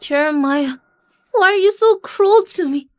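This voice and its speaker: A manipulative young woman with a high voice who begs and whines when she wants something. Her lines are dubbed drama acting. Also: expressive, a little slow, darkish tone. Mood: pleading. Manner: pleading, then scheming. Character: scheming young woman chasing a rich man.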